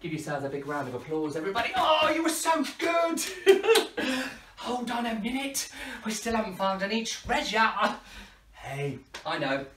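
A woman hosting an interactive children's party show, playful and animated as she coaxes the kids to join in. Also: medium pitch, moderate pace, distant mic, soft background music. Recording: echoey room, voice from off-mic.

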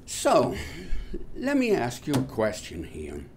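A man hosting a talk show, speaking to viewers in a halting, unscripted monologue full of fillers with wry, sardonic asides. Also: mid-range voice, wildly swooping pitch, background noise. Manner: halting, many fillers and restarts. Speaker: host of a nonbeliever talk show.

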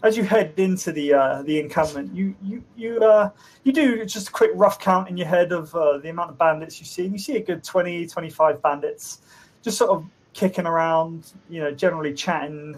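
A man narrating a tabletop game as game master, halting with many restarts. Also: fairly high pitch.

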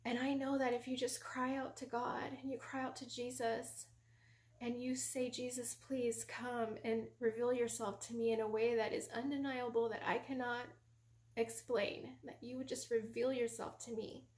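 A woman voicing her calm, earnest husband in a soft, patient voice. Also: fairly high pitch, a little slow, lightly acted. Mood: gently urging. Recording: roomy echo.

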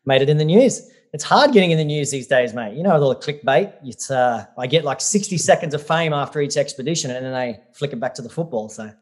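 A man's voice: a little high, expressive, fast talker, few pauses, breathy edge. A man, a guest telling adventure stories bluntly, swearing and calling the listener mate. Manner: blunt, swears freely, says mate a lot. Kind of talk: casual interview storytelling.

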